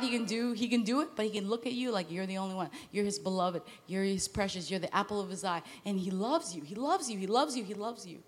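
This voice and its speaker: A woman pastor preaching a sermon in an animated way, laughing at times and acting out the voices she quotes. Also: medium pitch, fast, few pauses, a little hiss or hum. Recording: long hall reverb.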